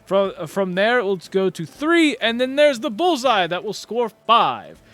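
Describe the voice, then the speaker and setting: A man voicing a boisterous male archery tournament announcer who proclaims loudly and stumbles over fillers. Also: sits high, sing-song, voice pushed up, exaggerated voice. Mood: proclaiming. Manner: loud, proclamatory, halting with fillers.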